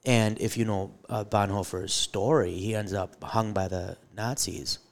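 At a live podcast event with an audience, a co-host who teaches theology tells lively stories and pokes fun at himself. His lowish voice stays steady and unhurried.

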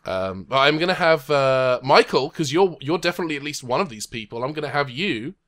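A man's voice: on the high side, lively intonation, a bit bright. A man narrating and ruling as game master of a tabletop game, rambling and hesitant, recorded remotely from home. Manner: rambling, hesitant, quick to laugh. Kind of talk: running a tabletop game over a call.

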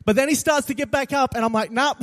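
A young pastor delivering a sermon as a lively, dramatic story. His voice sits very high for a man, and he punches key moments with bursts of loud emphasis. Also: fast talker.

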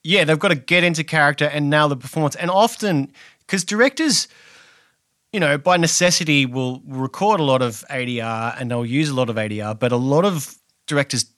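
A man's voice: fairly high pitch, a little fast, a bit bright, no room sound, studio quality. A man chatting on a podcast, rambling with many restarts. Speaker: podcast co-host. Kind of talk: casual podcast chat.

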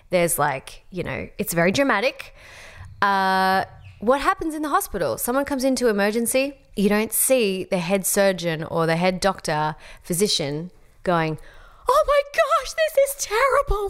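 An Australian woman in her thirties giving an earnest, conversational motivational talk about staying calm. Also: fairly low pitch. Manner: earnest, conversational, acts out panicked voices. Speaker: speaker on calm and leadership.

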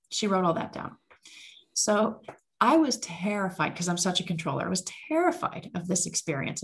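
A woman, a healer and coach, telling a personal story as a podcast guest, animated and speeding up when excited. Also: on the low side, creaky. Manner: talks fast when excited.

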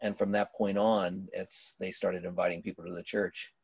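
A middle-aged man, a pastor, telling a story in conversation, animated, with many restarts and fillers. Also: sits low, moderate pace, slightly rough, no room sound.

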